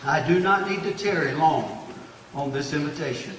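Preacher in an echoey church. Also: male voice, on the high side, a bit bright, slight background noise. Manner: preaching, rising to emphatic bursts and slowing to draw out verses. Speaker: pastor. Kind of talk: sermon. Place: church sanctuary. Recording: echoey church hall, distant mic.

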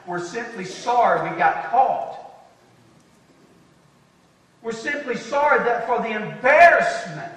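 Pastor guy preaching, real high voice, folksy and punchy, sounds far off from the mic. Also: a bit bright. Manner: preachy, folksy, emphatic with slowed stressed phrases. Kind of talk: sermon. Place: church sanctuary. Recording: echoey hall from far off.

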